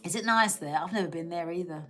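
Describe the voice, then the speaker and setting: A woman's voice: lowish voice, fast, bright, forceful tone, faint music behind. A woman hosting a casual live stream, chatting with viewers, laughing often and reading out their comments. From England.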